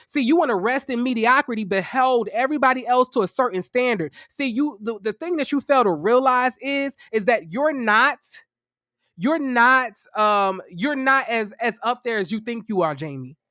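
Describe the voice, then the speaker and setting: A man giving casual reaction commentary on a reality show, profane and animated, with sassy, theatrical exclamations and dramatic asides. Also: very high voice, moderate pace, no room sound, clean studio sound.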